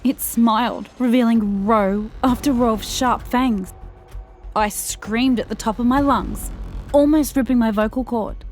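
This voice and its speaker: Brief: woman horror narrator, higher voice, tense and hushed, dips into whispers; faint music under her. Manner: tense, hushed, slowing down and dropping to a whisper at scary moments. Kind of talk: scripted first-person horror narration.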